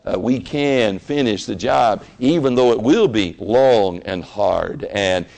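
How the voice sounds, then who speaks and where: A man preaching a sermon in an animated way, rising into emphatic bursts and often restarting his phrases. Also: fairly low pitch, takes it slowly, vocal fry.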